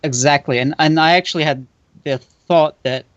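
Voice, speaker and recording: A man's voice: fairly high pitch, steady tone, normal speed, fairly bright tone, no room sound, muffled recording. A man hosting a live stream, giving casual comic feedback with plenty of "um" and "like.". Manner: hesitant, lots of "um" and "like". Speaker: stream host and co-judge.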